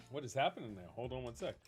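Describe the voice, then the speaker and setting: A man streaming a game, chatting casually with his viewers, enthusiastic and rambling, reading their questions aloud. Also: mid-range voice. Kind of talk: casual chat with live viewers while gaming.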